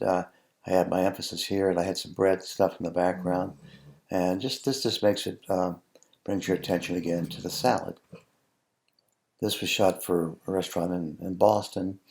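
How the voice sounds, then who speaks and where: A man, a food photographer, talking through his photos in a relaxed, halting way with many ums and restarts. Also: low-pitched, gravelly. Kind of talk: casual tutorial narration over photos.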